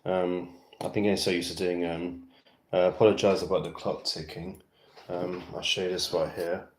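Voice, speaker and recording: A man's voice: sits low, flat delivery, normal speed, reverberant. A man from West London with a British accent, chatting casually to fans on his livestream, rambling with lots of fillers. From West London, England. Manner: rambling and chatty, heavy fillers, self-amused.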